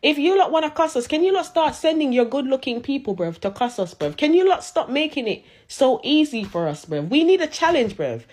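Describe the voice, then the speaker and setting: A woman's voice: sits high, big pitch swings, a little fast, hardly any pauses, darkish tone. A woman ranting on social media, sassy, mocking and sarcastic. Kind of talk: roasting rant.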